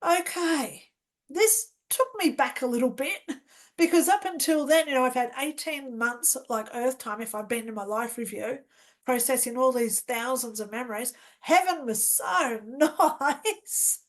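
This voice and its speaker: A woman's voice: a little high, normal speed. A woman telling her own life-changing story in an interview, in an earnest and emphatic way, acting out the lines she quotes. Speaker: guest telling her near-death story.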